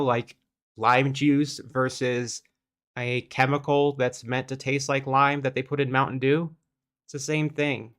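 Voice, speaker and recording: A man hosting a debunking video who talks in a casual, exasperated way, often stopping to pick apart a claim. His voice sits in a middle pitch. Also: fairly bright tone. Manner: exasperated, conversational. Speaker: host.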